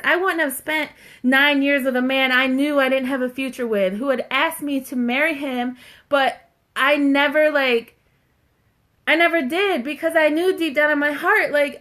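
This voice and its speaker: A woman's voice: sits high, fairly bright tone. A woman hosting a casual live stream from home, talking to viewers in a chatty, heartfelt way and reading their comments aloud. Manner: chatty, heartfelt, fills talk with "like" and "you guys".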